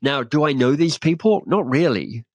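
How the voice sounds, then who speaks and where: A man being interviewed as a guest author, telling animated stories and acting out dialogue in a conversational podcast chat. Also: fairly high pitch, normal speed, dry recording, dull audio. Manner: animated storyteller, acts out dialogue.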